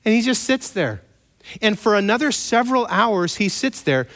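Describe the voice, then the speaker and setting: Man, pastor preaching, animated storytelling, fairly high voice, long reverb of a large hall. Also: normal speed. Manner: animated storytelling with playful asides and mock voices. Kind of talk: sermon.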